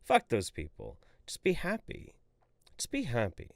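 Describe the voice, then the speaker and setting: A man hosting a live stream swears freely and swings his pitch up and down as he reacts in exasperation. His mid-pitched voice is recorded close and dry, with no room sound around it. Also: a little slow, no echo. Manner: profane, exasperated, animated. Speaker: livestream host. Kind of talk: casual live-stream chat.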